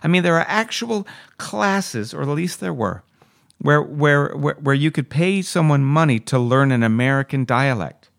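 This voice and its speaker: A man's voice: on the high side, animated, normal speed, creaky, a bit bright, dry recording, studio quality. A man hosting a podcast, giving passionate, opinionated advice to listeners. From Canada. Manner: passionate, ranting, emphatic. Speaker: podcast host answering listener questions.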